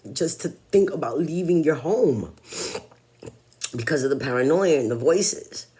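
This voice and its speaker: Blunt, husky-voiced woman in her forties. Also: low-pitched, mellow. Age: 40s. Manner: blunt, candid, swears freely. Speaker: vlogger. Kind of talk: personal vlog monologue.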